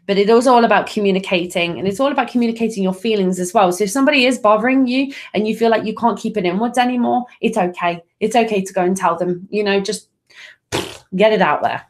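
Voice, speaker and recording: A woman's voice: medium pitch, fast. A middle-aged woman hosting a live astrology reading, chatty and reassuring, often laughing at herself. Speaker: tarot and astrology reader.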